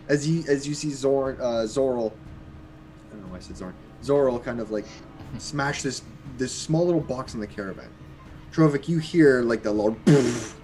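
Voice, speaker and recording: A man narrating a tabletop game as game master in a casual, laughing way. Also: medium pitch. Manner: casual, laughing, gestures as he describes.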